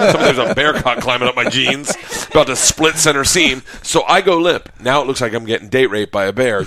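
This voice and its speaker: A man telling a wild comic story, acting out voices, laughing and shouting at the big moments. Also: medium pitch, animated, a little fast, hardly any pauses, dry recording. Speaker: guest comedian.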